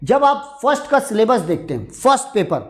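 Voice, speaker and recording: A man's voice: extremely high pitch, sing-song, racing, reverberant. A man with an Indian English accent teaching an online exam prep lesson, asking rhetorical questions, repeating points and mixing in Hindi. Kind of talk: online lecture.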